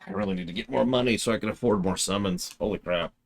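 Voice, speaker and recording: Deep-voiced wisecracking streamer. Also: male voice, fast talker. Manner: casual, wisecracking. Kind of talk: casual game commentary.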